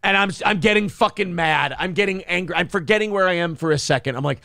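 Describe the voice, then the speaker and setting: Gravelly, foul-mouthed man ranting. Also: sits high, fast talker, hardly any pauses, sharp tone, no room sound, clean studio sound. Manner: profane heated ranting storyteller. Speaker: morning show host. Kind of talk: casual podcast chat.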